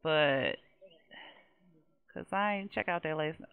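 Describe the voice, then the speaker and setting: A woman's voice: low voice, slow, gravelly, smooth, dull audio. A young woman, chatting casually and laughing as she plays a life-simulation game and talks to its characters. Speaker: game streamer. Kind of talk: casual Let's Play commentary.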